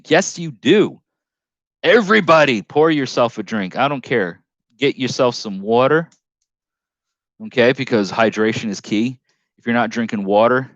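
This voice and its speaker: A man's voice: lowish voice, no room sound, dull audio. A man hosting a casual live stream, reading chat comments aloud in a rambling, jokey way with frequent restarts.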